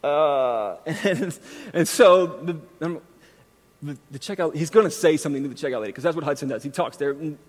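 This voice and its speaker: A pastor in his thirties preaching a sermon, moving from scripture into a self-deprecating, animated family story. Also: fairly high pitch, normal speed. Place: church sanctuary. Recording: long reverb from a large hall.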